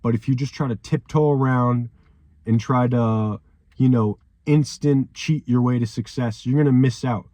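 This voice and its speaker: A man's voice: mid-range voice, steady tone, normal speed, dark tone, no room sound. Intense, profane young man ranting. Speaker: vlogger. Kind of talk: emotional motivational monologue.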